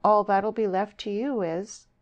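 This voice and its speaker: A coy, teasing country girl in a spoken storybook, talking with slow, icy superiority. A woman reader voices her higher than her own voice. She drags her words out knowingly. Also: steady tone, muffled recording, close to an everyday voice. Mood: smug. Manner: bland, superior, drawn-out.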